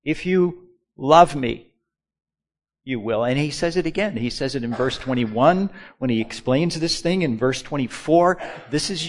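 Male pastor, high voice, unhurried delivery; drops to near-murmurs, then rises to emphatic preaching. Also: expressive. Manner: swings from quiet, low musing to loud, slow, emphatic preaching; leads the congregation in call-and-response. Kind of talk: sermon.

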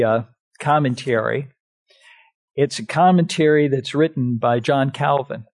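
Man, pastor, sermon, very slow delivery, lively pitch, emphatic repetition. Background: live-streamed church service.

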